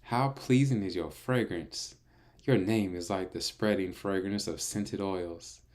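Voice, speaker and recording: A man voicing a young woman in love, reading her lines pitched up and breathless. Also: measured pace, a little mellow. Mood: adoring.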